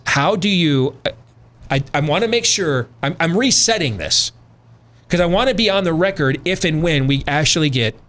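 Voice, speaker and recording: A man's voice: a little high, fairly bright tone. A middle-aged man hosting a radio talk show, ranting with sarcastic, emphatic commentary.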